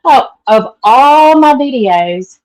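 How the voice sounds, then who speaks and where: A woman's voice: sits high, animated, slow pace, darkish tone, rough recording. A middle-aged woman with a Southern accent, chatting casually with live viewers and greeting them by name. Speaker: vlogger.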